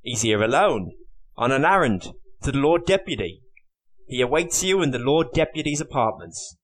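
A man doing a brisk, stern jailer. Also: medium pitch, big pitch swings, voice pushed up. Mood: formal.

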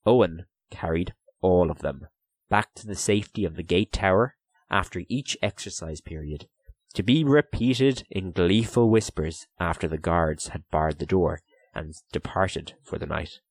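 A man narrating an audiobook in a measured, expressive reading on a close mic. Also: sits low, slightly rough, no echo. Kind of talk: storybook narration.

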